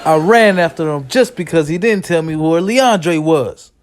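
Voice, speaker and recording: Animated man telling a comic street story. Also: unhurried, a faint crowd. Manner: animated, jumps between a high anxious voice and low whispers. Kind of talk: comedic storytelling with acted voices.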